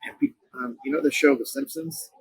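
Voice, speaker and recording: A man with a husky, slightly breathy voice recounts a personal story as an interview guest. He talks earnestly, often stopping and restarting mid-sentence. The sound is dry and close. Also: fairly high pitch, fairly even intonation, no echo, low-quality recording. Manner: earnest, halting, frequent restarts. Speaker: company co-founder, interview guest.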